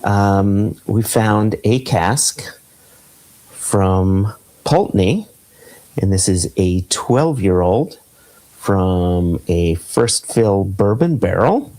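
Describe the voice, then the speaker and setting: Guy hosting a whisky podcast, real low voice, takes his time, gushing about the dram he's sipping. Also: lively intonation, drawn-out words, mellow, low-quality recording. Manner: easygoing, enthusing over flavors. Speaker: podcast host. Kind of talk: casual chat, tasting whisky on air.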